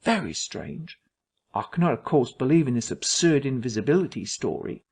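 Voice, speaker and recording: Anxious country vicar, evasive, hesitant, fastidious, read by a man. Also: mid-range voice, big pitch swings, darkish tone, slightly rough.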